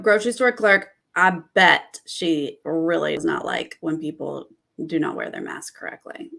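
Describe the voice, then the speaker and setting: A woman hosts a casual reaction vlog and talks at an unhurried, drawn-out pace with plenty of vocal fry. She reads out cast bios one by one and answers each with a chatty, candid remark. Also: lowish voice, a bit bright. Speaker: reality TV commentator.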